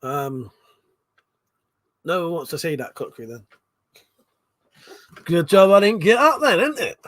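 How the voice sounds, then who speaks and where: A man's voice: a little high, sing-song, unhurried, fairly bright tone, no echo, studio quality. A British man hosting a casual late-night livestream. He is tipsy, laughs often, swears freely and reads chat comments aloud. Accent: British English. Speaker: livestream host.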